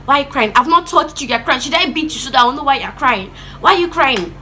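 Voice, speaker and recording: Une femme imitant une mère nigériane sévère qui gronde. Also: female voice, high-pitched, lively intonation, slight background noise, pitched above the performer's own voice. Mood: scolding. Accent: Nigerian. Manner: sharp, rapid scolding questions. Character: stern scolding Nigerian mother, middle-aged.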